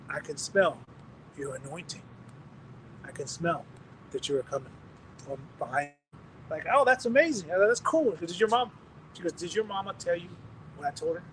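A male preacher delivers a sermon testimony, telling it as a story and acting out each person he quotes. His voice sits high for a man. He is picked up from well away from the mic, with a faint hiss of noise behind him. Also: recorded from a distance.

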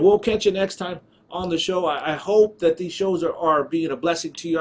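A man's voice: fairly high pitch, breathy edge. A man hosting a preaching show, telling healing stories with fervor and acting out the dialogue, recorded in a studio. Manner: storytelling, fervent, acts out dialogue. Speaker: evangelist show host. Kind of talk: testimony-style preaching broadcast.

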